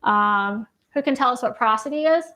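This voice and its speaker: A woman's voice: on the high side, moderate pace, sharp tone. A woman clinician giving a live lecture, talking casually and checking in with the audience with frequent questions. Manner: conversational, asks the audience questions, tags points with "right?". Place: lecture room on a university campus.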